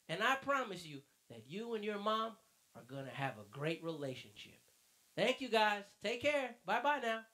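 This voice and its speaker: A man's voice: high-pitched, sing-song, unhurried, pushed and bright. A man teaching a children's church lesson in a fatherly way, then quizzing the kids. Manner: fatherly, calls the listener mijo.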